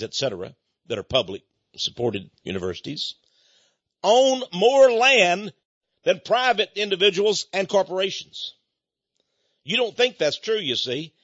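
Emphatic older Texan man, husky voice. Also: on the high side, no room sound. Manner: emphatic, folksy, rising to loud peaks. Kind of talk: folksy monologue to an audience. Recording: dull lo-fi recording.

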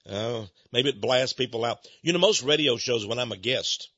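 A man with a Texan accent hosting religious radio talk, booming and prone to impassioned rants. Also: normal speed, pushed and bright, breathy edge, no room sound. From Texas. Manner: booming, gets carried away into impassioned rants. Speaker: radio host. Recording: dull lo-fi radio broadcast.

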